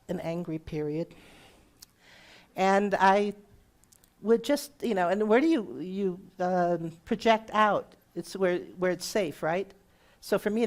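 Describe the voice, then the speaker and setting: Middle-aged woman minister, slightly low-pitched, preaching a sermon in a chatty, conversational way. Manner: warm conversational preaching with audience questions. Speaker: guest minister.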